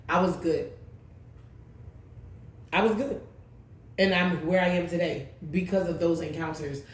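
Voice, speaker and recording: A woman hosting her tarot channel, telling a long personal story in a blunt, profane, rambling way. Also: fairly low pitch. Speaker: tarot reader, channel host. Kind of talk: casual storytelling vlog. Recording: very echoey room.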